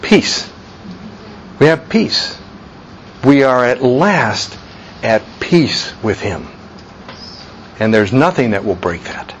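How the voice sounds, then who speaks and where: A man's voice: mid-range voice, animated, takes it slowly, pauses often, a little hiss or hum, poor audio. A man leading an informal Bible study, talking earnestly and conversationally, repeating his points for emphasis.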